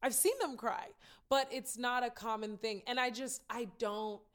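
A woman with a somewhat high voice, talking openly and with feeling in a relaxed chat. She speaks frankly and swears now and then, her emotions close to the surface. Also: moderate pace, smooth. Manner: candid, emotional, laughs and tears up easily, swears. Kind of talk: casual heartfelt conversation.

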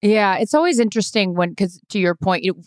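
A woman's voice: mid-range voice, animated, brisk, clean tone, no echo, studio quality. A woman from Seattle co-hosting a sports podcast, chatting in a rambling, emotional way with lots of fillers. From Seattle, USA. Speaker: podcast co-host, sports reporter. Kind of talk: casual chat.

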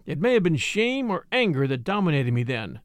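Expressive man reading an adventure story. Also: on the high side, fairly quick, no room sound. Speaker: audiobook narrator. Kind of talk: scripted narration.

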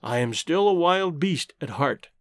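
A wild-born jungle man speaks in low, level, restrained tones, grave and sparing with his words, as a male narrator voices him. His delivery stays steady and close to the reader's natural voice. The recording is dry and close. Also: normal speed, no echo. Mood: quiet, grave.

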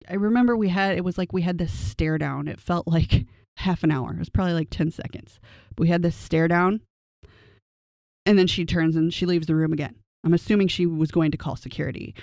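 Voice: steady tone, brisk, a little mellow, dry recording. A young adult recounting a personal ordeal straight to the listener, earnest and indignant. The voice leaps upward at the most upsetting moments. The sound is close and dry, with no room around it. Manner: earnest and indignant, pitch rising sharply when upset. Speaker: storyteller recounting a personal experience. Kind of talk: emotional first-person storytelling.

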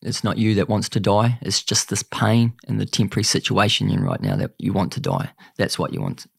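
Gravelly earnest New Zealand man. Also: lowish voice, steady tone, dry recording, clean studio sound. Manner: earnest, repeats "mate", halting restarts. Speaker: guest. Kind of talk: emotional personal story in a podcast interview.

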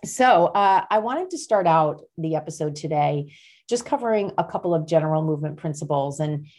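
A woman's voice: sits low, expressive, normal speed, darkish tone. A woman hosting her own podcast, talking casually in a rambling way with many fillers and restarts. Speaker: podcast host. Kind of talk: casual personal chat.

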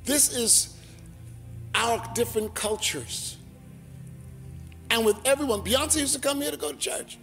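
High voiced pastor guy, animated story sermon, acts out the voices. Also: a little slow, vocal fry, pauses often, faint music behind.

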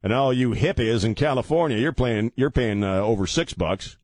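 A sarcastic male radio host offers mocking political commentary, laughing at his own jokes. His mid-range voice has lively intonation, a moderate pace, and a slightly mellow tone, recorded on a very dry studio mic with no echo.

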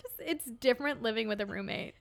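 A young woman with a broad Midwestern American accent chats on a podcast, racing through her stories. She talks fast and giggly, with an animated, lively delivery. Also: on the high side, creaky. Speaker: podcast co-host. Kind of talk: casual chat.

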